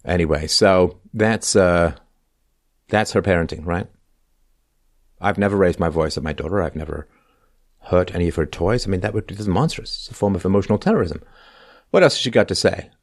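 Low-voiced man sarcastically lecturing. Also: animated, brisk. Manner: sarcastic, lecturing, keeps asking "right?". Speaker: podcast host. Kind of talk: reading aloud and critiquing.

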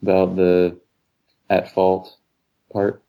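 A man calling in to an advice show who speaks hesitantly and pauses often with "um" and "uh". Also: low voice, completely flat delivery, lo-fi sound. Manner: hesitant, halting, many ums. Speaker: caller. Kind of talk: call-in advice talk.

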